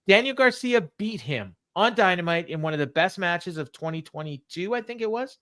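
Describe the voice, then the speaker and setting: A man co-hosting a wrestling recap podcast in casual chat, laughing often and filling pauses with "uh". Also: high voice, expressive, fairly bright tone, no room sound, clean studio sound. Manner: chatty, laughs often, many fillers. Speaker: podcast co-host.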